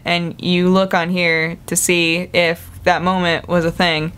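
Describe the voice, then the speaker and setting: Young woman vlogger, casual and chatty, with animated pitch jumps for quoted voices. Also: unhurried, few pauses, clean tone. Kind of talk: casual chat to camera.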